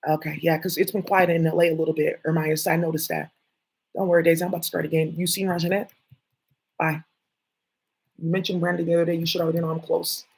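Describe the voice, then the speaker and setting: A woman's voice: sits low, little pitch movement, fast talker, a little mellow, slightly rough, rough recording. A woman vlogger talking to her viewers in a rambling, jumpy monologue, swearing often.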